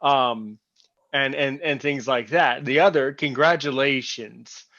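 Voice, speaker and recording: A man's voice: mid-range voice, slow, pushed and bright, no echo, highs cut off. A man hosting a podcast, talking to his guest in a friendly, encouraging way. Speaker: podcast host. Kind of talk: casual podcast interview.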